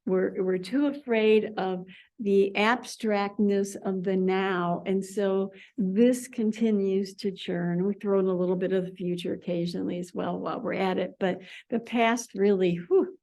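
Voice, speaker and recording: A woman leading a spiritual study class in an animated, conversational way, often repeating words as sound effects. Her voice sits at an ordinary middle pitch for a woman. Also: measured pace. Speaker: class leader.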